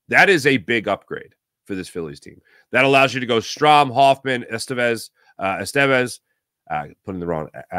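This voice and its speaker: A man hosting a live morning sports talk show, giving opinionated, rambling takes with sudden animated bursts. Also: on the low side, no room sound, studio quality. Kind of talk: solo sports radio monologue.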